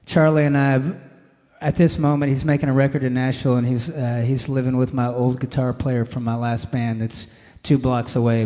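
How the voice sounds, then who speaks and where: A man's voice: medium pitch, darkish tone. A young man, a singer-songwriter, rambling easily through stories between songs at a live show, full of filler words and calling the crowd "man". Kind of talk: stage banter between songs. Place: live music venue stage. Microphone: stage vocal mic. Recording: reverberant live venue with music. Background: guitar.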